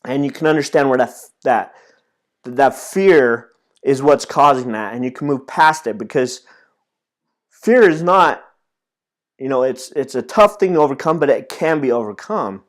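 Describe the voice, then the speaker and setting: A man's voice: medium pitch, animated, normal speed. A man in his thirties giving a casual motivational talk as a self-improvement trainer, earnest and storytelling, with frequent restarts. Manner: earnest, storytelling, many restarts and repeated words.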